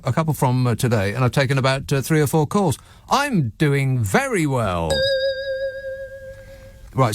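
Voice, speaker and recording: A man's voice: medium pitch, dry recording. A man hosting a talk radio phone-in, sardonic and mocking, chuckling at his own jokes. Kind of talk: late-night talk radio monologue.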